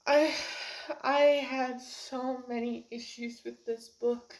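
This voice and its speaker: In a casual vlog, a young woman talks through a book she recently finished, her high voice slow and showing little pitch movement. Her rambling review turns emotional as she laughs and teeters on the edge of tears.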